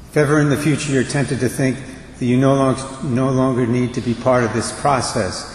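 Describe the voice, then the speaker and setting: A man preaching a homily in a church, measured and earnest, leaning on slow emphatic phrases. His mid-pitched voice rings through a roomy space with a long reverb tail and a faint hum underneath. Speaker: priest.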